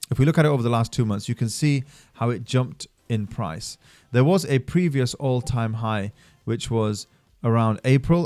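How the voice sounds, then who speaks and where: An upbeat man narrates a screen-share explainer for his own channel. He keeps the pitch mid-range for a man, but his voice swings between bursts of excitement and quieter asides. His delivery is energetic and salesy. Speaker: channel host reviewing mining projects.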